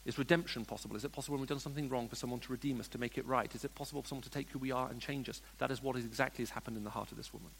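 A man preaching a sermon, moving between hushed storytelling and emphatic questions to the congregation. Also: mid-range voice, steady tone, very fast, creaky, few pauses, a little hiss or hum. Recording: long reverb of a large hall.

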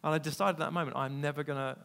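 A man preaching a sermon, telling personal stories candidly and swinging between quiet asides and loud, emphatic peaks. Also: a little high, fairly even intonation, rapid-fire, vocal fry. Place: church service.

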